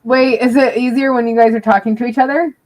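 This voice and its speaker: A woman co-hosting a podcast in casual chat, laughing often and breaking into loud exclamations. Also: on the high side, steady tone, fast talker. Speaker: podcast co-host.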